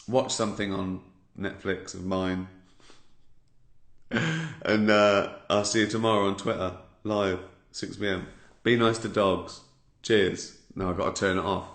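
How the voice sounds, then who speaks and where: A man's voice: lowish voice, fairly bright tone. A man in his fifties with an English accent, telling a sardonic story on a casual livestream and swearing freely. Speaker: comedian hosting a livestream. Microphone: phone or laptop mic. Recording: roomy home livestream audio.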